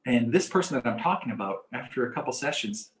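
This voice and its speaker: A man presenting a community talk on coping with stress, explaining in a calm, measured way and repeating key phrases. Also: mid-range voice. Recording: roomy echo.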